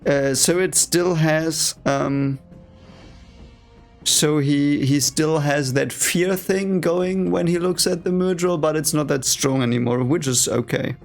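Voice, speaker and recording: Reading a fantasy novel aloud for the first time, a man adds chatty, playful commentary and laughing asides. His voice is on the high side with vocal fry, and he takes it slowly over soft background music.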